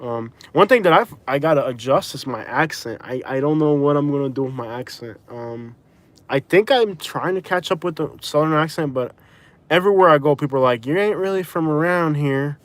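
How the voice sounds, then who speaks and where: A man's voice: medium pitch, animated, brisk. A man from Florida talks from the driver's seat of a car during a live stream. He rambles loosely, stops and restarts his sentences, and sounds tired from a migraine. His voice sits in an ordinary middle range. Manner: rambling, self-correcting, chatty. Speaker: vlogger. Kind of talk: casual live-stream chat. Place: inside a vehicle.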